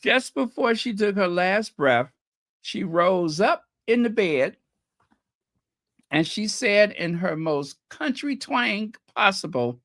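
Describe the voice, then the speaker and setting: A channel host chats casually with viewers on a livestream, teasing and gossiping, often trailing off while hunting for names and laughing at their own jokes. The voice is medium-pitched and a bit bright, with lively intonation and a slow pace. The studio-quality recording has no echo.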